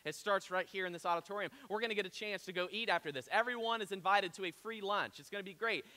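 A man's voice: high voice, fast talker, pushed and bright, long reverb tail. A man preaching a sermon to his church, telling stories in a chatty, conversational way with asides. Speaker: pastor. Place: church auditorium.

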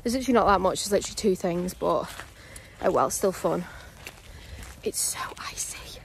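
A young woman vlogs casually to her camera, first outdoors on a dog walk and then indoors at home, rambling with plenty of "like" and "literally." Her voice is fairly low, fast and creaky, with background noise.

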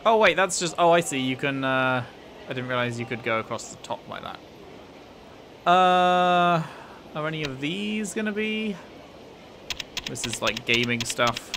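A chatty man giving casual let's-play commentary, thinking out loud and swearing freely. His voice sits a bit high for a man. Plenty of game noise runs underneath. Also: animated, measured pace, gravelly, long pauses. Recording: noisy, with game sounds behind.

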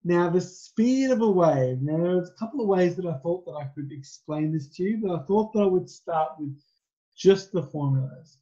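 A man's voice: high-pitched, lively intonation, normal speed, warm tone, highs cut off. A man teaching a physics lesson, explaining in a conversational, rambling way with fillers. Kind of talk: recorded classroom lecture.

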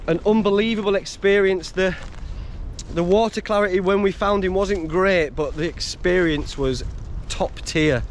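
Male outdoor vlogger, upbeat, chatty, slightly high voice, recorded outside on a camera mic. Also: slight background noise. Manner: enthusiastic, swears, chatty with his dog. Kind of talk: casual outdoor vlog talk. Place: outdoors in woods.

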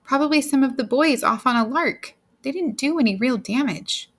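A woman's voice: fairly high pitch, animated, moderate pace, gravelly, husky, full character voice. A woman voicing an anxious wife who pleads with her husband in a raised, distressed voice. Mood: pleading.

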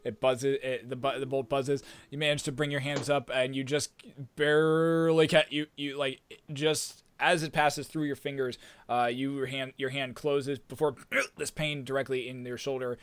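A man narrating a tabletop game as game master, often restarting sentences and filling pauses. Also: mid-range voice, level tone, a bit bright, clean tone. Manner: rambling with many restarts and fillers.

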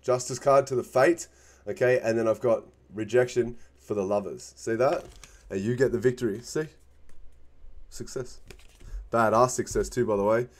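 A man's voice: mid-range voice, fairly even intonation, normal speed. A man giving a casual tarot card reading, emphatic and constantly checking in with the listener. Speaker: tarot reader.

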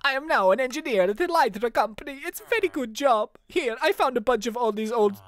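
A woman's voice: on the high side, expressive, fast talker, voice pushed up, lightly acted. A woman doing a cheery mock-Italian engineer. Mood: cheerful. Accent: put-on Italian.

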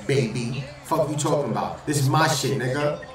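A man hosting a basketball reaction video, talking loud and profane trash talk and repeating his lines. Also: medium pitch, moderate pace, very echoey, recorded from a distance, rough recording. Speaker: reaction channel host. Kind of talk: excited basketball reaction commentary.

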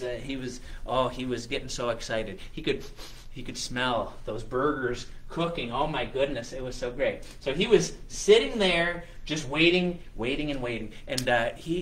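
A man with a medium-pitched, fairly bright voice hosts a children's show, improvising a story for kids on the spot. He uses lots of fillers and playful restarts.

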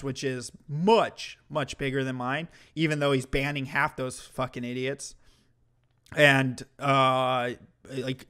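A man's voice: mid-range voice, fairly bright tone. A man streaming commentary to his chat, ranting in a heated, mocking way with heavy swearing.

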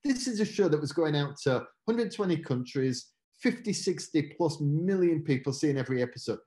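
This motivational speaker, a middle-aged man with a British English accent, talks at a moderate pace in a warm voice on the high side with lively intonation. His chatty, self-mocking delivery includes acted-out quotes from his own story.

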